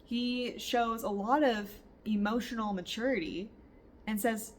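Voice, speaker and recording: A woman's voice: fairly high pitch, steady tone, unhurried, slight background noise. A young woman book vlogger chatting casually at home about a novel she is reading, reacting with laughs. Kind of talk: casual reading vlog chat. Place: home in the countryside.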